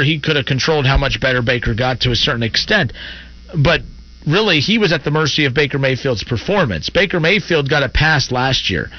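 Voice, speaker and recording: A man hosting a call-in sports talk radio show, opinionated and argumentative, rambling through his points. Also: mid-range voice. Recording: lo-fi radio broadcast.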